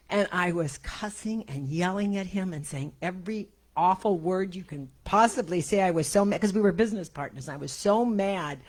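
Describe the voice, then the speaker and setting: A woman minister telling personal stories to her congregation in an emotional, animated way, often laughing. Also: on the low side, normal speed. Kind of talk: personal storytelling in a church service. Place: church sanctuary before a congregation.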